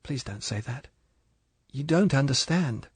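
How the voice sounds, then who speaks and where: A man voicing a timid, lonely young wife from England, speaking softly with a strained eagerness. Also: medium pitch, fairly quick, no room sound, pitched above the performer's own voice, natural voice. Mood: soft wistful.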